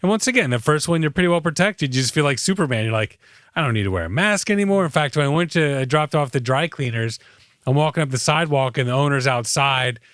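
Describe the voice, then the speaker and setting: Smooth-voiced man telling rambling stories. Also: a little high, fast talker, fairly bright tone, dry recording, clean studio sound. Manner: rambling storyteller, frequent fillers. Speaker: podcast co-host. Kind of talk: casual chat.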